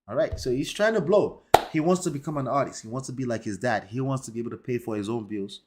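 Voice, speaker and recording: A man's voice: medium pitch, fast talker, hardly any pauses, darkish tone. A man hosting a commentary show, talking emphatically and tagging points with rhetorical questions. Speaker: host.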